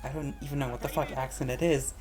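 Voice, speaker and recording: Low voiced girl streamer mumbling asides, bit of music behind. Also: steady tone, fast, a little mellow. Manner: self-deprecating, mumbling asides. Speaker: game streamer. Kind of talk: casual livestream commentary.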